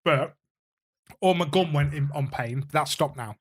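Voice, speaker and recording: A man with a somewhat high voice co-hosts a podcast in loose, casual chat. He talks excitably, swears freely and slips into jokey rants. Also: unhurried, slightly rough. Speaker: podcast co-host.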